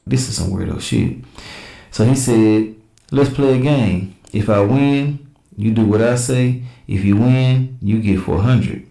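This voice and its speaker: A man with a lowish, mellow voice hosts a casual reaction show, reading text messages aloud in a plain back-and-forth and cutting in with blunt, slangy remarks. The sound carries an echoey room ring. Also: measured pace, creaky. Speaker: reaction channel host.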